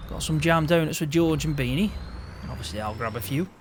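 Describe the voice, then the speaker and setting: A man's voice: fairly high pitch, a little fast, a little hiss or hum. A man playing a farm hand in a game role-play, chatting to himself and laughing often.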